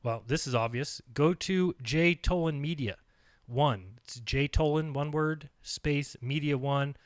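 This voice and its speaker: A man's voice: on the high side, measured pace, no echo, clean studio sound. A man hosting his own channel, commenting insistently over video clips, repeating his points with emphasis. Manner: talks while eating. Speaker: channel host reacting to a video.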